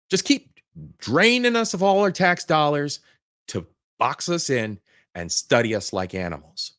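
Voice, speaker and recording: A man's voice: on the high side, fairly bright tone, dry recording, studio quality. Profane, ranting male commentator. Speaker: reaction video host.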